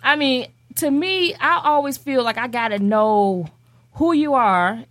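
Woman host, casual chat, high voice, lively intonation, asks questions. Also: unhurried, no room sound, clean studio sound.

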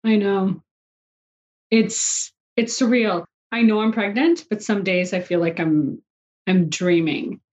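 In dull-sounding audio, a woman in her forties speaks slowly at medium pitch, fairly even in intonation and a little mellow. As a guest in a conversational interview, she recounts a personal story with quoted dialogue and clear emotion.

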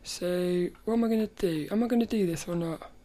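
A woman's voice: lowish voice, a little fast, mellow. A woman hosting her own podcast in casual solo chat, rambling and stopping to restart her sentences. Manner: rambling, stop-start, self-correcting. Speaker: podcast host.

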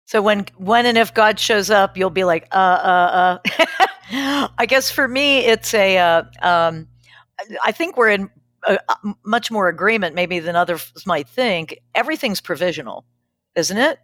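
A woman's voice: medium pitch, moderate pace, a bit bright, no echo. Woman pastor guesting on a podcast, emphatic and thoughtful, dry mic. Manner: emphatic, reflective, laughs easily. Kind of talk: casual conversational interview.

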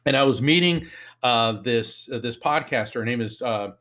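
A man tells a story as a guest on an interview show, with a lively, animated delivery. He acts out the lines of the people in it, raising his voice for each quoted line. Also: medium pitch, moderate pace. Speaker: psychic medium, author.

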